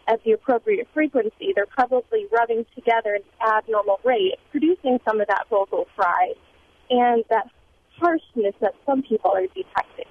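A woman calling in to a radio show, a speech pathologist speaking earnestly and informatively. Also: fairly high pitch. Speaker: caller, speech language pathologist. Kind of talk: call-in comment. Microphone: telephone. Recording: tinny phone line with faint hiss.

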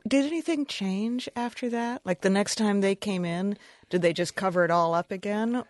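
A woman's voice: medium pitch, normal speed, a little mellow, no room sound. A woman interviewing a guest, asking probing, thoughtful questions.

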